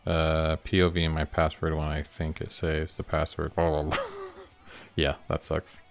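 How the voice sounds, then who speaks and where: Low, creaky-voiced man streaming his coding. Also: huge pitch swings, unhurried, faint music behind. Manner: rambling, chuckling, talks himself through each step. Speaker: indie game developer streaming his work. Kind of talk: casual livestream, thinking aloud while working.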